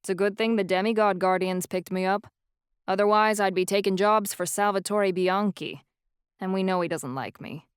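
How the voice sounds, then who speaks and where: A woman's voice: mid-range voice, steady tone, moderate pace, clean tone, no echo, clean studio sound, natural voice. A woman playing a cocky young male vampire with a faint Irish lilt. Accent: slight Irish. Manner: brash and teasing.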